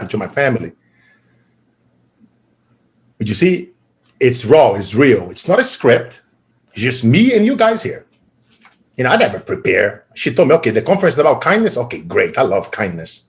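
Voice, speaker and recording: A man giving a motivational keynote talk, energetic and swinging from loud to quiet and emotional. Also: mid-range voice. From Brazil. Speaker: keynote speaker.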